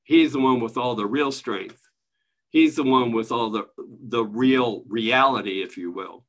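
A man leading an online spiritual study group, teaching in a relaxed, conversational way and chuckling often as he hands out readings over a video call. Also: mid-range voice, a little slow.

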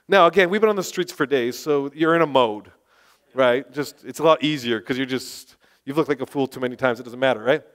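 A man preaching and telling testimony stories with passionate, excitable energy, now and then bursting into shouts. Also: mid-range voice, fairly quick. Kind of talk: sermon testimony storytelling.

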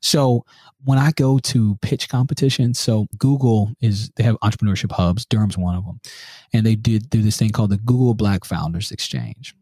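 A man's voice: lowish voice, moderate pace, no echo, studio quality. A man speaking earnestly as a podcast guest, often checking in with "right?". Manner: earnest, animated, uses many rhetorical "right?". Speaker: interview guest. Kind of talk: podcast interview.

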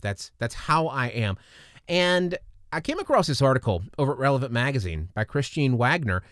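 A man's voice: fairly high pitch, no echo, clean studio sound. A man hosting a casual faith-based podcast, talking in an earnest, rambling way with many restarts and repeated words. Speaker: podcast host.

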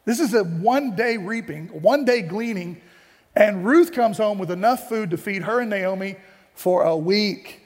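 A man's voice: high-pitched, normal speed. Playful male pastor in a reverberant hall. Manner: conversational, playful storytelling with asides. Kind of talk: sermon.

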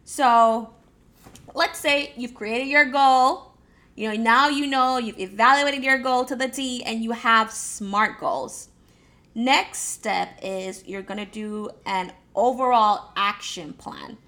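A woman's voice: a little high, slow, pushed and bright. A woman from Jamaica giving a casual motivational talk on goal setting, talking straight to her listeners with frequent fillers, repeated words and restarts. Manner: encouraging, addresses listeners directly.

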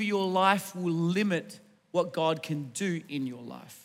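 A man's voice: a little high, expressive, slow, big-room sound. A man preaching a sermon in church, emphatic and repetitive, asking the congregation questions. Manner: emphatic, repeats phrases, asks the congregation questions. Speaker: pastor.

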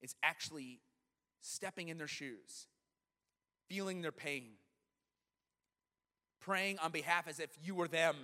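A man in his thirties preaching a sermon as a pastor, in a conversational, animated storytelling manner. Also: a little high, a little slow, pauses often, long reverb tail. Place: church sanctuary.

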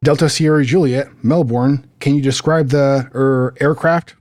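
A man reading as a brisk air traffic controller. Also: medium pitch, steady tone, darkish tone, no room sound, studio quality, lightly acted. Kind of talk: reading a transcript aloud.

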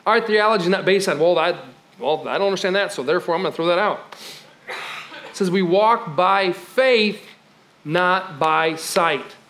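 A male pastor preaching a sermon in a conversational, emphatic way, moving from loud exclamations to quiet, low moments with light laughs. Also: moderate pace.

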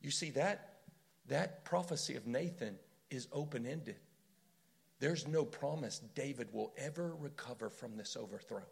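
Impassioned, gravelly male preacher. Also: mid-range voice, expressive, measured pace. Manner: impassioned storytelling, rhetorical questions. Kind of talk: sermon.

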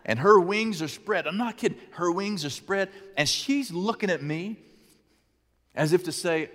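A pastor gives a sermon in a man's fairly high voice, lively and chatty, with asides to the congregation. It rings out with a long echo, as in a large church hall. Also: unhurried. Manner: animated storytelling, conversational asides.

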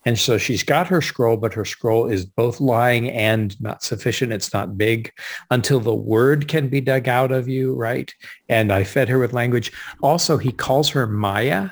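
This man has a medium-pitched voice and appears as a guest author and speaker in an enthusiastic literary discussion. He stresses his points and slows down to read quotations with weight.

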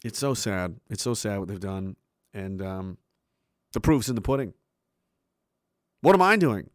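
A man, streaming a profane, forceful rant and repeating himself as he builds his point. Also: lowish voice, expressive, a little slow, no echo, clean studio sound. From Canada. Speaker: livestreamer. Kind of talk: heated monologue rant on stream.

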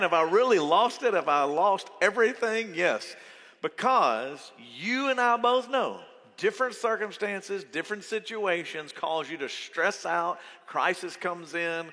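A man preaching a sermon to his church, conversational and animated as he tells stories. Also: on the high side. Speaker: pastor. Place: church auditorium. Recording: reverberant hall.

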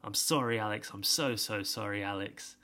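Young male podcast host, casual rambling recap, bright tone. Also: fairly low pitch, moderate pace. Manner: rambling, sweary, self-deprecating.

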